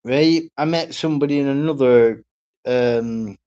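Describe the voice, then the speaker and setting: A man's voice: mid-range voice, measured pace, warm tone, clean tone, muffled recording. A man in a casual rambling monologue as a streamer. He swears a lot, laughs between lines and repeats himself.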